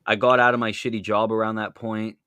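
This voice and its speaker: A man's voice: on the low side, level tone, a little fast, pushed and bright, clear, resonant tone, no room sound. A man from Canada in casual podcast chat, laid-back and swearing casually.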